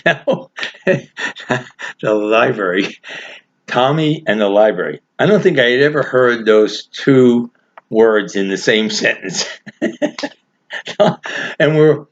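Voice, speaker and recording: A man's voice: mid-range voice, lively intonation, slow pace, long pauses. Older guy telling an old story, chuckles a lot, voice swings all over, kinda muffled lo-fi sound. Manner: rambling, chuckling, folksy. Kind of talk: casual spoken anecdote. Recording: dull lo-fi recording.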